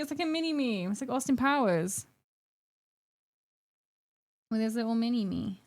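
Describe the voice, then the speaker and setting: Her voice is a little high and a little mellow, animated and at a moderate pace. She's a young woman from the United Kingdom painting miniatures on stream, chatting, giggling, and mocking herself.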